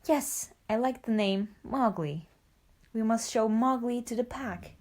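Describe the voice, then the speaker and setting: A woman voicing a brave, fierce mother wolf in a storybook, speaking slowly and protectively. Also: on the high side, a little mellow, lightly acted. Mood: tender. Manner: bold, protective. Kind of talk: storybook reading.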